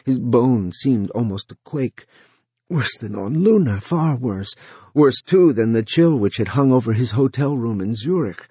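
A man reading a novel aloud as narrator, in a measured, expressive way. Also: medium pitch, husky, no room sound. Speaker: audiobook narrator. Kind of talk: scripted narration.

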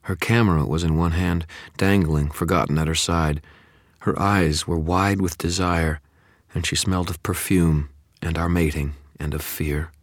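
A man's voice: extremely low pitch, dry recording, clean studio sound. A man narrating a first-person audiobook with an intense, brooding delivery.

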